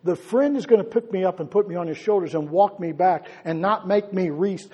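A man who is a pastor, preaching a conversational sermon, asking his congregation questions and swinging between loud and hushed delivery. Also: high voice, a little fast, husky, long reverb tail. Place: church hall.

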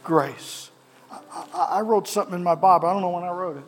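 A man's voice: sits high, fairly even intonation, racing. Fervent male pastor, faint music behind. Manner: fervent preaching cadence with repeated phrases. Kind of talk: sermon and prayer. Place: church sanctuary.

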